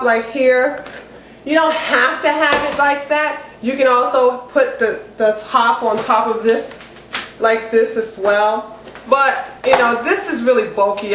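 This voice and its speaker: A woman giving a casual, enthusiastic cooking how-to demonstration at home, chatty and getting excited. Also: fairly high pitch. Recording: roomy echo with faint background noise.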